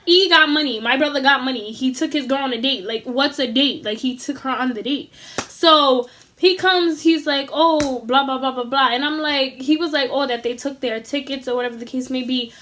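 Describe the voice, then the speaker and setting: A young woman tells a casual storytime in a high voice, animated and full of slang and swearing. She acts out what everyone said as she goes. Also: moderate pace. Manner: acts out dialogue in quoted voices. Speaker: vlogger.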